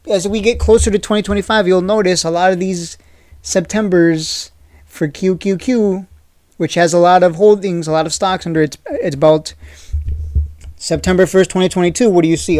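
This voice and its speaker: A man with a high, slightly mellow voice hosts a stock market video, walking through a chart casually but with urgency. He repeats his points, asks rhetorical questions, and keeps restarting with "uh" in a loose, chatty way.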